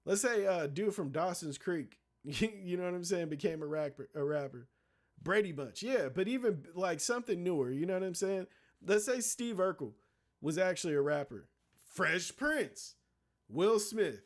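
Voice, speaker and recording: A man's voice: high voice, animated, normal speed. A young man streaming casual, profane commentary, rambling in loose slang with many restarts and asides to his chat.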